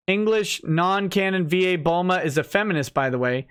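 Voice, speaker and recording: A man's voice: high voice, expressive, normal speed, few pauses, a bit bright, clean tone. A man hosting a casual livestream, reading documents aloud and breaking in with sarcastic, mocking asides.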